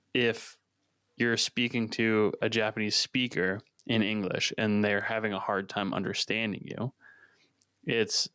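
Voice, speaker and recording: A man's voice: lowish voice, sharp tone, no echo, clean studio sound. A man co-hosting a podcast, chatting casually in a laid-back, joking way. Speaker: podcast co-host. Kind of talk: casual chat.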